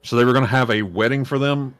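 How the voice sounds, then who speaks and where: A man's voice: mid-range voice, fast talker, fairly bright tone, smooth, no room sound. A man hosting a podcast, reading aloud and chatting in a rambling, self-correcting way on a close mic. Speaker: podcast host. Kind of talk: casual chat, reading aloud.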